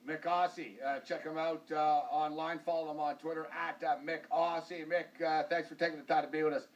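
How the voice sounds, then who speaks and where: A high-voiced male host riffs loosely on sports, piling up fillers and jokes as he goes. He sits a little back from the mic. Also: flat delivery, a little fast, recorded from a distance, muffled recording. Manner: rambling, joking, full of fillers like "like" and "uh". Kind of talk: casual sports talk show banter.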